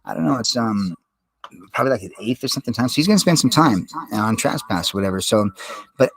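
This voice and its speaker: A man's voice: on the low side, expressive, quick pace, dry recording, rough recording. A young man recorded on a desktop microphone at home, talking in a rambling, profane, streetwise way and calling the listener "dude.". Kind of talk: casual monologue vlog. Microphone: desktop USB microphone.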